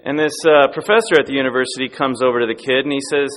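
A man preaching a sermon who tells a story with emphatic, animated delivery and frequent restarts. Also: mid-range voice, quick pace, hardly any pauses. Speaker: pastor. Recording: echoey hall.

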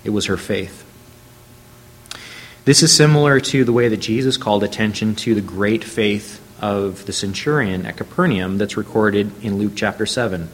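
Man preaching a measured sermon, lowish voice. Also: slightly rough. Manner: measured storytelling, quoting scripture.

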